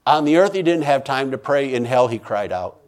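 A man's voice: lively intonation, fairly quick. Intense preaching man telling a testimony. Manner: intense, swings from loud pleading to hushed low tones; repeats and restarts phrases for emphasis. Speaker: minister giving a testimony. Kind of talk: emotional testimony storytelling.

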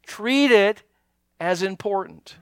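A man pastor preaching a sermon, animated, calling out to his congregation and acting out little asides. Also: sits high, slow, clear, resonant tone, no echo, studio quality.

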